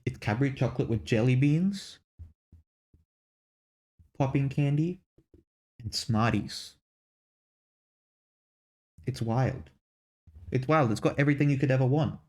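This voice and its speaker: A man's voice: medium pitch, darkish tone. Man, young adult, mixed Australian-English accent, casual stream chat, rambling, swears casually. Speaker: VTuber streamer.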